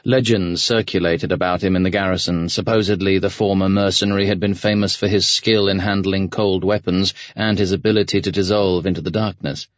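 A man reading a novel aloud in an even, measured audiobook narration. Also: deep voice, no echo. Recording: dull dry studio recording.

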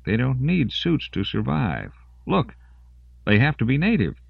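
A man's voice: mid-range voice, wildly swooping pitch, unhurried, gravelly, husky, no room sound, highs cut off, pitched above the performer's own voice, heavily acted. A man voicing a thoughtful young male soldier, bewildered and questioning.

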